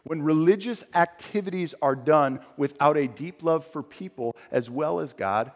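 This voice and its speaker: A man preaches to his congregation, talking plainly and then building to forceful, emphatic lines. His voice sits a little high for a man. A long reverb from the hall trails each phrase. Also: lively intonation, moderate pace, few pauses. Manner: conversational preaching, rising to emphatic outbursts. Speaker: pastor. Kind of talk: sermon.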